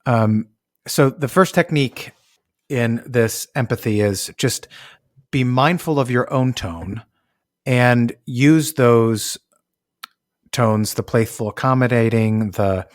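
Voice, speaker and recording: A pastor hosting a podcast, summarizing a book's points in a thoughtful, casual way. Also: male voice, mid-range voice, slow pace, no room sound, studio quality. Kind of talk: casual book discussion.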